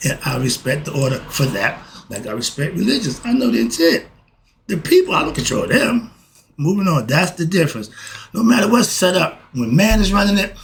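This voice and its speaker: A middle-aged man hosting a casual spiritual talk. He talks in a preachy, excitable way, asks himself questions and answers them, and swings between fired-up bursts and calmer stretches. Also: on the high side. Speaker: host.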